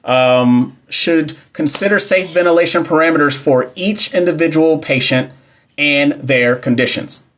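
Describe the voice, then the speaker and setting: A man's voice: fairly high pitch, a little slow, fairly bright tone. A young man, teaching nursing exam questions on a casual livestream and answering viewers' comments as he goes. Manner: chatty, reads questions aloud, talks back to viewer comments. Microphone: phone or webcam mic.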